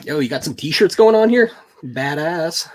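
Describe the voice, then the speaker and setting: A man hosting a casual chat, laid-back and quick to riff on jokes. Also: a little high, lively intonation.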